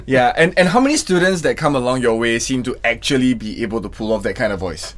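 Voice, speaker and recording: A man hosting a casual podcast who asks curious questions about singing, with a speaking voice he calls lower, more comfortable in baritone. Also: animated, quick pace, fairly bright tone. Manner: curious questioning, says he prefers the baritone range. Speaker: podcast host.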